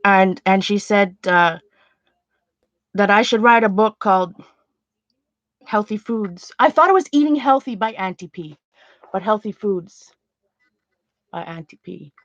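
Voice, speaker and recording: A woman's voice: medium pitch, measured pace, long pauses, no echo. A woman hosting a casual livestream from home, talking in an earnest, rambling, chatty way. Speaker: art channel host. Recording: dull lo-fi sound.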